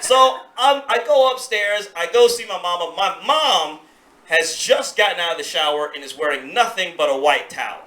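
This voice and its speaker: Animated, bright-voiced man on stage. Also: sits high, moderate pace. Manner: animated, acts out voices, laughs along with crowd. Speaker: stand-up comedian. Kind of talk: stand-up storytelling. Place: comedy club stage. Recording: roomy club live recording. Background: audience laughter.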